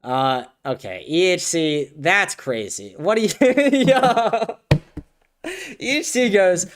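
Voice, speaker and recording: Young guy on a stream, high voice, rambling and swearing, laughing lots, fillers everywhere. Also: expressive, slow pace. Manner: rambling, profane, laughs often, many fillers. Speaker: livestream host reading chat. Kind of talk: casual livestream chat.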